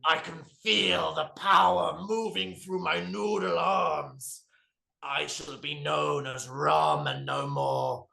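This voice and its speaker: A man's voice: expressive, slow pace, creaky, reverberant, full character voice. A man doing a boastful noodle-packet superhero. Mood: triumphant. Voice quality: loud, theatrical, booming proclamations. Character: brash male noodle packet turned superhero.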